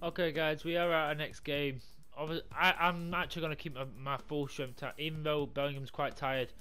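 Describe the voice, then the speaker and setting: A young man commentating his football video game career mode, swearing a lot, yelling when things go wrong and talking things through quietly in between. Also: a little high, a little fast, clean tone, soft background music. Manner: swears a lot, yells in frustration, mutters calmly between games. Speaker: gaming YouTuber. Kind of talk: live gameplay commentary.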